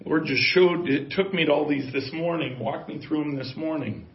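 A man's voice: a little high, normal speed. A male pastor preaching a sermon, emphatic and given to repeating key phrases for weight. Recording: echoey, dull lo-fi room sound.

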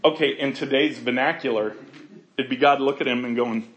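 A man preaching a sermon in an animated, conversational way, often laughing and acting out voices. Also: mid-range voice, moderate pace, echoey room, lo-fi sound. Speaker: pastor.

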